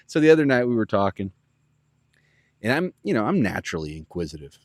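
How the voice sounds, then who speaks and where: A man with a deep, low voice tells a casual story as a podcast host. He rambles and gets animated, with plenty of "like" and "you know". The sound is dry and close. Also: a little fast, long pauses, no echo. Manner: rambling, animated, lots of fillers.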